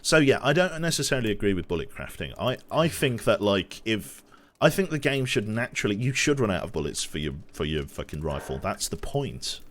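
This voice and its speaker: Deep-voiced Brummie man streaming a game. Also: big pitch swings, a little fast, slight background noise. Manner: rambling, opinionated, swears casually, restarts sentences. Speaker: streamer playing a survival game. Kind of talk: casual gameplay commentary.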